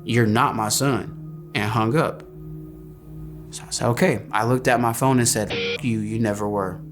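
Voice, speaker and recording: A man's voice: mid-range voice, normal speed. A man recounting a personal experience in a plain, matter-of-fact way. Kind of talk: personal story clip. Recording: faint music behind.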